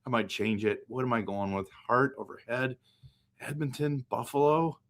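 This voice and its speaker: A man's voice: medium pitch, normal speed. A man from western Canada hosting a casual hockey live stream, thinking aloud as he picks and answers viewer comments. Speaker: hockey livestream host.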